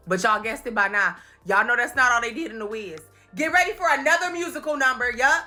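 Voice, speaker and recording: Bright, high-voiced woman host, playful recap commentary, lots of laughs. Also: brisk, few pauses, soft background music. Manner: animated, laughing, playful impressions. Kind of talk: comedic movie recap commentary.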